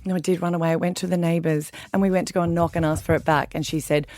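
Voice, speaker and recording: A woman's voice: fairly low pitch, quick pace, dry recording, clean studio sound, faint music behind. Chatty woman co-host. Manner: chatty, laughs often, animated storytelling. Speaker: radio co-host. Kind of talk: casual chat.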